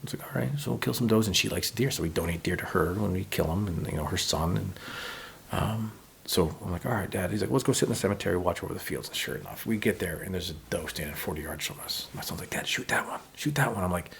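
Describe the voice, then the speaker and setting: Man, quick talker, gravelly husky voice, lower pitch, animated storytelling, acts out voices. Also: a little hiss or hum. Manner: animated, acts out quotes of others. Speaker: podcast guest. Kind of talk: casual storytelling.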